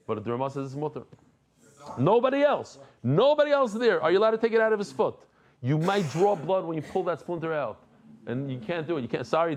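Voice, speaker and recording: Man teaching a daily talmud class, animated, jokey, slightly high voice, sprinkles hebrew and yiddish terms.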